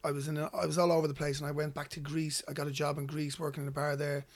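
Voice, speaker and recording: Irish man, guest storyteller, slightly high and monotone, rambling delivery. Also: racing. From Ireland. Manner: rambling, repeats words when starting sentences. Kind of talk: casual storytelling.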